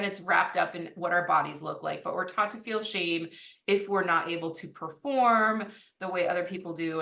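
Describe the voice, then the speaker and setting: A woman running coach talking in a casual interview, animated, laughing often and using lots of fillers. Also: lowish voice, gravelly. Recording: echoey room.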